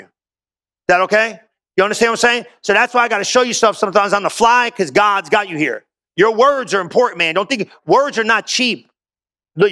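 High bright-voiced preacher man, slangy. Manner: casual, slangy preaching with call-and-response questions. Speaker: pastor. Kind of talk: sermon.

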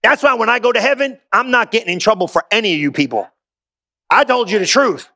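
High bright-voiced preacher man, slangy. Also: lively intonation, fast. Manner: casual, slangy preaching with call-and-response questions. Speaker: pastor. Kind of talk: sermon.

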